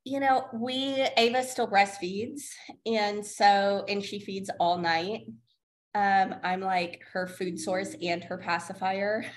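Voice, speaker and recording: A woman in her thirties talking casually as co-host of a parenting podcast. Her voice sits in an ordinary middle pitch, and she rambles warmly through stories with fillers and frequent laughs. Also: steady tone, slow. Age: 30s. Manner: chatty, many fillers, laughs often. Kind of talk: casual chat.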